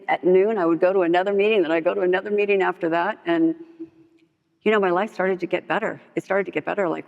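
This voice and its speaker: A woman's voice: fairly low pitch, vocal fry, a little mellow. A woman giving candid personal testimony in a chatty storytelling way at a meeting hall. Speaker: speaker at a recovery meeting. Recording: echoey hall, dull lo-fi sound.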